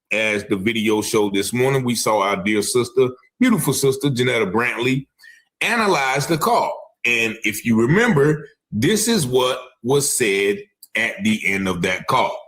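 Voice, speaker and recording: A man's voice: mid-range voice, animated, a little slow, fairly bright tone. A man hosting a true-crime commentary show, talking emphatically and hedging his claims with "allegedly". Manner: emphatic, repeats "allegedly", stops to replay clips. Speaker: commentary channel host.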